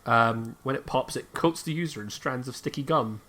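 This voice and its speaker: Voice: medium pitch, normal speed. Rambling game master. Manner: relaxed, rambling, many fillers while reading item lists. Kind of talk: narrating a tabletop game.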